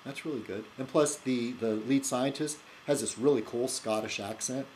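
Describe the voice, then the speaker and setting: On his video blog, this man talks in a loose, meandering monologue full of fillers and false starts, staying animated and chuckling at his own jokes. He speaks at medium pitch and normal speed, with slight background noise and poor audio quality.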